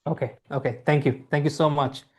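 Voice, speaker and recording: Fairly quick and steady, a young man's fairly high voice leads a live online English class over a laptop mic. He's from Bangladesh, speaks Bangla natively, and has a mostly American accent with hints of Bengali, coming across as friendly but halting, with frequent fillers.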